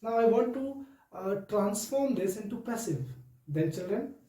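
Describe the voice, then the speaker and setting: A man teaching a grammar lesson to children, speaking slowly and deliberately and often addressing them directly. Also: sits high, animated, warm tone, reverberant, recorded from a distance, low-quality recording.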